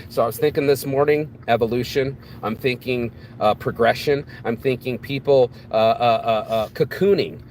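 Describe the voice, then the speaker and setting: A man's voice: medium pitch, normal speed, few pauses, darkish tone, slight background noise. Blunt, profane man preaching outdoors. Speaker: motivational vlogger. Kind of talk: casual motivational monologue.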